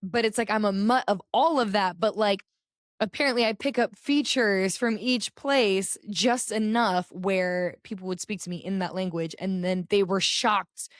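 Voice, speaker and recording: A young woman with an American accent talks in a relaxed, chatty way, scattering filler words as she goes. Her pitch sits in an ordinary middle range. The recording is close and dry, with no room sound. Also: moderate pace, dry recording. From United States. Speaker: podcast co-host. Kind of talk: casual chat.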